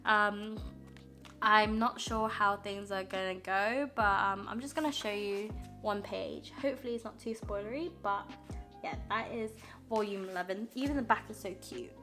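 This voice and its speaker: A woman's voice: mid-range voice, moderate pace, sharp tone, faint music behind. A young woman chatting casually through a manga haul, gushing and filling with lots of ums and likes. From United Kingdom. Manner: chatty and gushing, many fillers. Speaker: manga vlogger.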